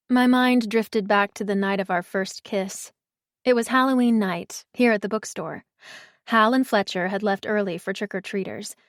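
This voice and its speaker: A woman narrating a first-person audiobook, measured and expressive, in a mid-range voice. The sound is dry and close, with no room around it. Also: medium pitch, no echo.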